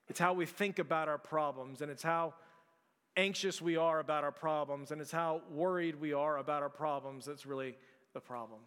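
A man's voice: fairly high pitch, fairly bright tone, clear, resonant tone. A man preaching a sermon to his church in a conversational way, with fillers and restarts. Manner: conversational, repeats words, frequent fillers and restarts. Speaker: pastor. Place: large church hall. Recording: long hall reverb.

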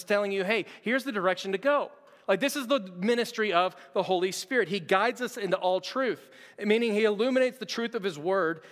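Male pastor, high voice, chatty emphatic sermon delivery, long hall reverb. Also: a bit bright. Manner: conversational, emphatic, many "like" and repeated words.

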